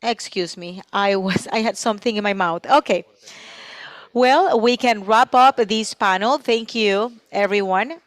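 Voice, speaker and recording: This is a woman doing simultaneous interpretation for a conference panel, in a voice of middle pitch for a woman. She stays steady and even, pausing briefly as she follows the speaker. The sound is close and dry, with no room echo.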